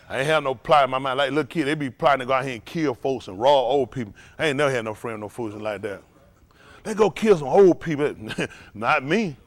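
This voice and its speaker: A man pastor preaching a sermon, animated and acting out voices. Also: fairly high pitch, no echo. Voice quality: animated preaching with acted-out voices, laughing and shouting at times.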